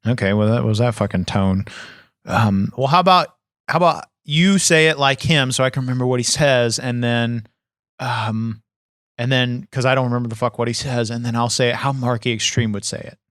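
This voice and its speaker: A man's voice: medium pitch, normal speed, fairly bright tone, no echo, clean studio sound. Brash, cussing male podcast host. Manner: brash, profane and exasperated. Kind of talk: comedy podcast banter.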